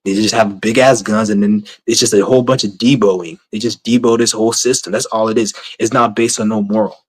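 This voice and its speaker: A man's voice: fairly low pitch, steady tone, fairly quick, breathy edge, rough recording. A man ranting to his camera in a blunt, rambling, heavily profane way, repeating himself as he goes. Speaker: vlogger.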